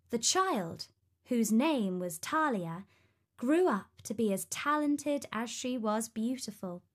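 A woman narrating a fairy tale in a storybook reading, with an expressive, unhurried manner. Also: medium pitch.

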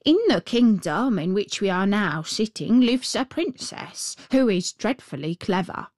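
A woman voicing a thoughtful, gossipy male crow in a fairy tale reading, speaking slowly and deliberately. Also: medium pitch, expressive, a little mellow, dry recording, clean studio sound, close to an everyday voice. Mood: knowing.

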